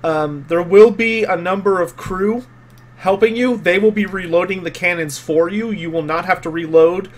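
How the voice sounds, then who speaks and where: A man's voice: high-pitched, moderate pace. A man narrating as game master of an online tabletop game, describing the scene vividly with some fillers.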